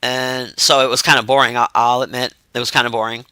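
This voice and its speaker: A man casually chatting to his live-stream viewers in a profane, animated way, swinging into mock outrage. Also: medium pitch, fast talker, smooth, no echo.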